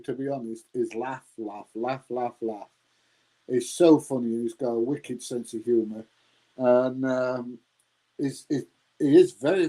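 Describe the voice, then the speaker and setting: A man's voice: medium pitch, warm tone, low-quality recording. Chatty man in his sixties. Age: 60s. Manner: rambling, chatty, laughs often, says mate. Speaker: YouTuber answering live chat. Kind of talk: casual live-stream chat.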